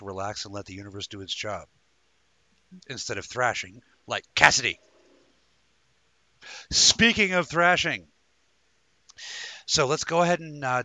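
Man, live show host, rambling, jokey, bright tone, dry close sound. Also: medium pitch, dry recording. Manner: rambling, jokey, stumbling restarts. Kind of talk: casual live-show chat.

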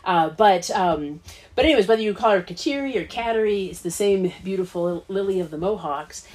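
A woman's voice: lowish voice, brisk, darkish tone. A woman with a Midwestern accent explaining the naming of a college in a casual, earnest way, with frequent fillers. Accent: Midwestern American. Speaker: college co-founder. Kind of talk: casual conversation.

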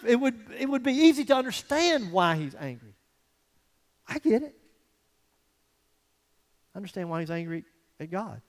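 A male pastor giving a conversational, animated sermon with folksy asides to the congregation. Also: high voice, in a large hall.

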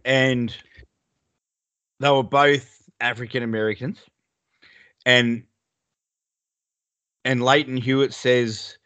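A man's voice: medium pitch, measured pace, long pauses, a bit bright, no echo, lo-fi sound. A man co-hosting a casual sports podcast over a video call, telling blunt, sweary stories. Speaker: podcast co-host.

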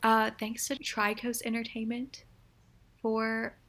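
A young adult woman co-hosting a casual chat, reading out quiz questions in a relaxed, chatty way. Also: on the high side, slow, faint music behind. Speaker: co-host.

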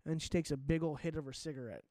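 A young man co-hosting a podcast, telling stories in a casual, animated way and acting out the people he quotes. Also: on the high side, very fast, no echo, studio quality. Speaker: podcast co-host. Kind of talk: casual chat.

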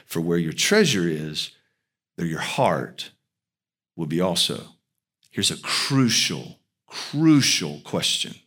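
A man preaching a sermon as pastor, emphatic, with rhetorical questions to the congregation. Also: husky. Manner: animated preaching with big pitch swings, slow and emphatic.

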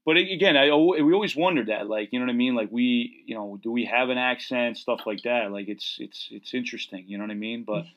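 A man's voice: medium pitch, quick pace, few pauses, highs cut off. A man from Connecticut in casual chat, rambling with many restarts and calling people dude.

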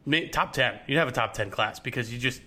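A man's voice: medium pitch, fairly quick, sharp tone. A young man co-hosting a sports podcast, chatting casually and rambling with many restarts. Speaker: podcast co-host.

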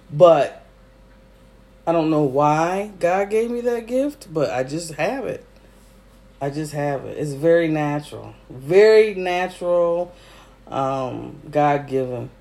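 Solo podcast host, male, teary and effusive, unhurried delivery, slightly high pitch. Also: lively intonation, vocal fry, a little mellow. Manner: emotional and effusive, with frequent fillers. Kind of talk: casual solo podcast monologue.

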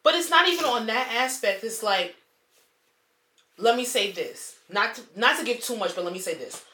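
A bright-voiced woman co-hosting a casual podcast, blunt and heavy on profanity. She leans into her points with slow, emphatic phrasing and sits a little high in pitch. The room around her sounds echoey. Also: expressive. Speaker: podcast co-host.

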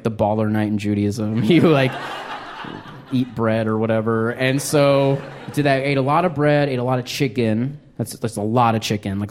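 A man in his thirties telling a self-deprecating story on stage, breaking into high, acted-out quotes. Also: darkish tone, slight background noise. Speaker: stand-up comedian. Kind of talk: stand-up storytelling. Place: comedy stage before a live audience.

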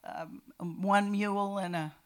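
An older woman from California telling her family's faith testimony in a lively storytelling way that swells into shouting. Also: mid-range voice, unhurried, smooth. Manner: animated storytelling, bursts into shouting. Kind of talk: personal testimony.

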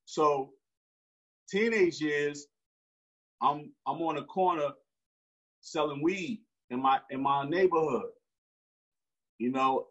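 A man's voice: on the high side, fairly bright tone. A man, telling a story in slangy street talk with frequent restarts. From Newark, New Jersey. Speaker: interview guest. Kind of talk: casual storytelling. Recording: dull lo-fi recording.

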